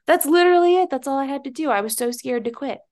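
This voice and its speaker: A young woman co-hosting a podcast, telling a story in casual chat, animated, swearing freely and laughing at herself. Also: sits high, fast. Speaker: podcast co-host.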